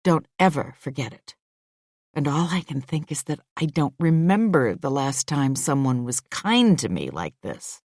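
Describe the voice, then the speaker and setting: A woman reads a first-person thriller audiobook in a low register. Her delivery is intimate and measured. The recording is dry and close, with no room around it. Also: big pitch swings, a little mellow, no room sound. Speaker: audiobook narrator.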